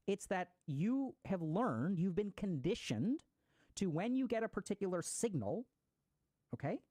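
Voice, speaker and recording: Fast-talking man explaining psychology. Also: high voice, darkish tone, dry recording. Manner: quick, conversational, swears casually, uses gaming slang. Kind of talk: casual lecture to an online audience.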